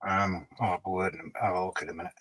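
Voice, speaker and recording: A man's voice: deep voice, level tone, quick pace, fairly bright tone, rough recording. A man hosting a casual livestream, reading out viewer comments and teasing them in a chatty way. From Scotland. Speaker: livestream host.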